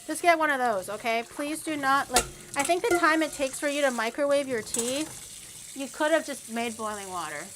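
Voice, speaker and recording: A playful woman streamer with a slightly high voice talks to her chat while she bakes in her home kitchen. She teases her viewers and reacts to them in a lively, casual way. Faint kitchen sounds sit under her voice. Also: moderate pace, background noise.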